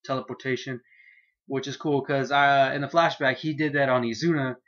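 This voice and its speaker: A man giving a casual manga chapter review, excitable and profane, laughing as he loosely retells scenes. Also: mid-range voice, moderate pace, highs cut off.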